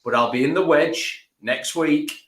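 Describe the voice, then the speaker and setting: A man's voice: on the high side, measured pace, fairly bright tone. A man co-hosting a post-match fan podcast, who talks in a blunt, sweary and passionate way. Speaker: co-host of a fan channel. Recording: roomy echo.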